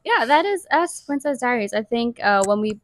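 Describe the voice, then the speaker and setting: A young woman co-hosting a podcast in casual chat, chatty and giggly, talking in quick bursts. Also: a little high, sing-song, over a noisy crowd. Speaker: podcast co-host.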